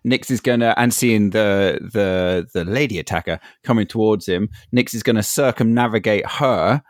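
Male player, lower pitch, hesitant and musing, dry recording. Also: normal speed, no room sound. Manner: hesitant, thinking aloud with many fillers. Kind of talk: describing his character's actions.

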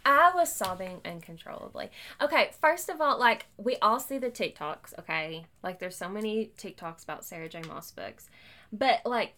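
A woman with a bright, forceful voice co-hosts a casual book podcast. She talks in quick, excited bursts full of "like" fillers. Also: medium pitch, slight background noise.

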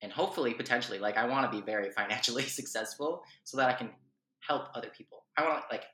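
A man's voice: medium pitch, quick pace, bright, forceful tone. A man hosting a podcast, chatting casually in a rambling way and laughing easily. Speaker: podcast host. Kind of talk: casual chat. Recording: echoey room.

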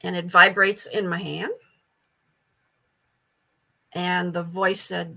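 A woman's voice: fairly low pitch, takes it slowly, vocal fry, long pauses, pushed and bright. An older woman telling stories as a guest in a casual interview, chatty, stumbling over repeated words and laughing often. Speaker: psychic medium guest.

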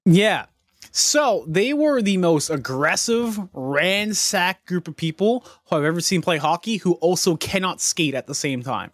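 A man's voice: high-pitched, unhurried, no echo, studio quality. A young man telling a long rambling story on a podcast, swearing freely and getting worked up. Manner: animated, profane, rambling storytelling. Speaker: podcast co-host.

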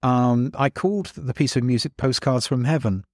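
A man, a band's composer, talking thoughtfully with many pauses and ums. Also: mid-range voice, dry recording, studio quality. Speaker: composer in a band. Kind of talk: podcast conversation.

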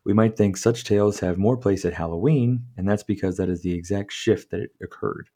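A man's voice: fairly low pitch, brisk, dark tone. A man hosting a podcast, reading from a book aloud and tripping over words, breaking off for casual, profane commentary. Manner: stumbles over words, swears freely, chuckles at the text. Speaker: podcast host.

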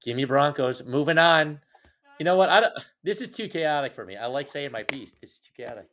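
A man's voice: on the high side, brisk. A man co-hosting a sports podcast, making his picks in casual, teasing banter with his co-host. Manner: teasing, jokey, animated banter.

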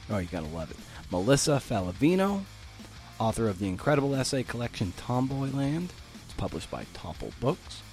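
A man hosting his own podcast, talking in a loose, chatty way with slang and self-deprecating asides, now and then stumbling over his words. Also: lowish voice. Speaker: podcast host. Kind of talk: casual podcast monologue.

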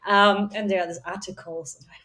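A woman's voice: mid-range voice, steady tone, brisk, bright, forceful tone. A woman from Sweden in casual conversation, rambling and tucking "you know" into her sentences. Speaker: discussion participant.

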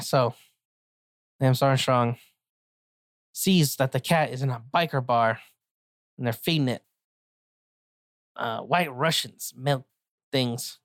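A woman with a low, dry voice improvising a comic story in a rambling, giggly, self-mocking way. She chats straight to the listener, recorded close with no room sound. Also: slow pace, long pauses, no echo.

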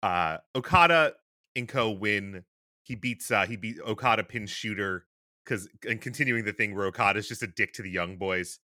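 A man in his thirties co-hosting a podcast, talking in a casual, animated way and laughing often. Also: on the low side, moderate pace, no room sound, clean studio sound. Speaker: podcast co-host. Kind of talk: casual chat.

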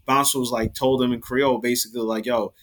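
A man's voice: medium pitch, quick pace. A man in casual podcast chat, telling a club story with lots of swearing and quoted dialogue. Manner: animated storyteller, swears a lot.

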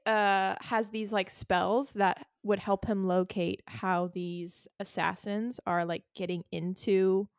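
A woman co-hosting a casual chat podcast, telling a story in an animated, giggly way and checking in with "okay?" often. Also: medium pitch, dry recording, clean studio sound. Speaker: podcast co-host. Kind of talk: casual chat recapping a book.

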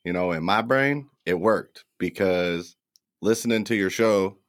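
A man guesting on a casual podcast, talking in an animated way and laughing loudly. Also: low-pitched, measured pace, no echo, clean studio sound. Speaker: podcast guest, intro vocalist.

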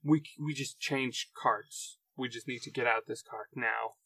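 A man's voice: mid-range voice, fairly even intonation, bright, forceful tone, slightly rough, dry recording, far from the mic. A man running a tabletop game as game master, laughing often and restarting sentences. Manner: laughing often, restarts mid-sentence, puts on quick character voices.

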